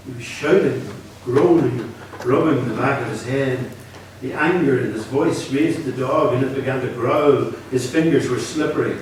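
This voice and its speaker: A Northern Irish man in his sixties from Belfast, an author reading his fiction aloud in a measured, low-key way. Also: a little hiss or hum. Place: lecture hall at a reading event. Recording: echoey hall, from far off.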